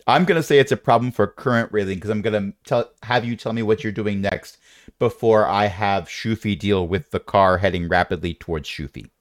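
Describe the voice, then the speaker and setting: Man, game master, low voice, wry, rambling, playful narration. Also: fairly quick, no room sound, studio quality.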